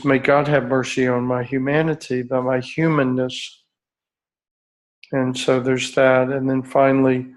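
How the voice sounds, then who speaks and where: Slow, earnest middle-aged man leading a retreat. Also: mid-range voice, low-quality recording. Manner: slow, measured and earnest, with searching restarts. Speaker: retreat leader. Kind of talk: reflective talk to a group. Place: outdoor retreat by a beach.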